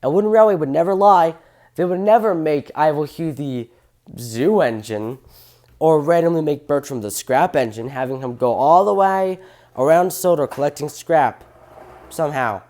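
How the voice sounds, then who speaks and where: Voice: medium pitch, normal speed, a little mellow. Enthusiastic rambling train-fan video host. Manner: enthusiastic, rambling, self-correcting. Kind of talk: casual fan commentary video.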